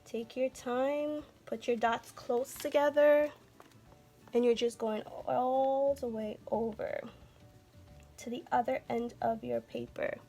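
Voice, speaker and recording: A woman teaching a children's art lesson, speaking gently and encouraging viewers to take their time. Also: on the high side, steady tone, takes it slowly, soft background music. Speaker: art instructor.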